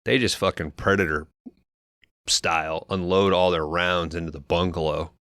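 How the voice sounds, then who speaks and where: A very low-voiced man walks through a movie plot in loose, profane podcast chatter, tossing in characters' lines as he goes. His tone is bright and pushy, and the sound is dry and close. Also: steady tone, moderate pace, clean tone, dry recording. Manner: loose, profane storytelling with quoted asides. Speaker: podcast co-host recapping a film. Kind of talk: casual movie recap chat.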